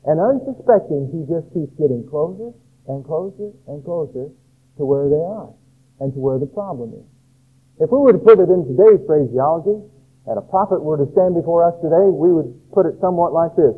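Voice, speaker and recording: A man's voice: a little high, lively intonation, brisk, slightly rough. Preacher man on narrow-band radio. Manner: rhythmic preaching, dramatizes scripture and crowd voices. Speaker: pastor. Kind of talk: sermon. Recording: phone-like narrow radio broadcast.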